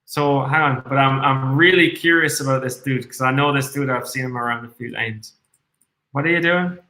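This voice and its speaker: Foul-mouthed trader, bright tense voice. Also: male voice, mid-range voice, moderate pace. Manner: swears constantly, excitable, reads chat aloud. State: tipsy from red wine. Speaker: day trader streaming live. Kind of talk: live trading commentary. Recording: echoey room.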